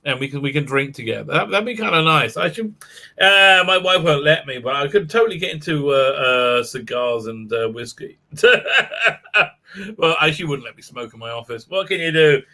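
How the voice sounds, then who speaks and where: A man with an Israeli accent chats casually on his live stream from a home office. His voice sits high and sounds very bright. He rambles, swears freely and laughs between comments. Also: animated, moderate pace. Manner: rambling, profane, laughs often, many fillers.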